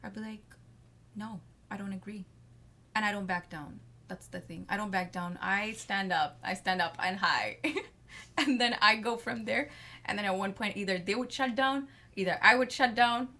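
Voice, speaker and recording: Woman guest, confident and chatty, drifts through long answers at an average pitch. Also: moderate pace, bright, forceful tone. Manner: rambling, frequent "like" fillers; self-assured, talks about herself at length. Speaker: podcast guest. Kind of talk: casual chat.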